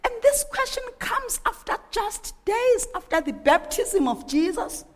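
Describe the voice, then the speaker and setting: A woman delivers a sermon in a slow, measured cadence, her pitch swinging widely as she asks question after question. The sound carries a long hall reverb. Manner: animated, rhetorical questioning. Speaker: preacher.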